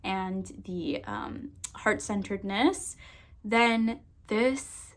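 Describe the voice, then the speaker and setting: A woman psychic and energy worker chatting casually to camera, expressive, laughing and swearing freely. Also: medium pitch, slow pace. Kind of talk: casual to-camera vlog chat.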